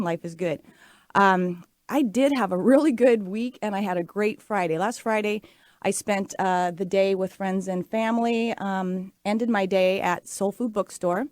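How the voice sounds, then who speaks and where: A woman's voice: medium pitch, darkish tone, no room sound. A woman in her late forties hosting a talk show, telling stories in a chatty, upbeat way with many fillers. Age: 40s. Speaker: radio show host. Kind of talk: casual talk show monologue.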